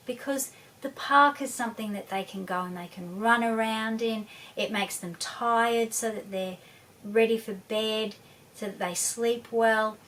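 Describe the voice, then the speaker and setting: Calm woman giving parenting advice. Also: mid-range voice. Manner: calm, steady, advising. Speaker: parenting educator. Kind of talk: instructional parenting talk. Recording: distant mic, faint background noise.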